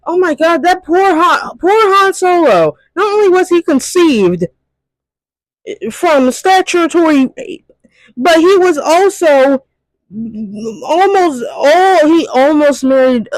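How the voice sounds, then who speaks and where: A man's voice: extremely high pitch, animated, slow pace, no room sound, low-quality recording. A man ranting in a profane, exasperated movie commentary, firing off rhetorical questions. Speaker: commentary youtuber.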